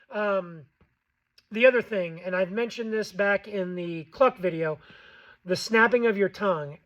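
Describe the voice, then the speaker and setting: High-voiced man teaching goose calling. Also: highs cut off. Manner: plainspoken, loose, repeats himself with fillers. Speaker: goose call instructor. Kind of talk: casual how-to tutorial.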